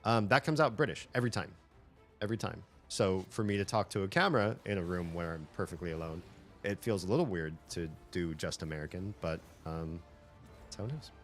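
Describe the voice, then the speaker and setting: A man with a very low voice talks casually to his stream viewers and wanders into long explanations about words and accents. Faint music plays under his voice. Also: animated, brisk, fairly bright tone. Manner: rambling, talkative, lecturing on language. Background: faint game music.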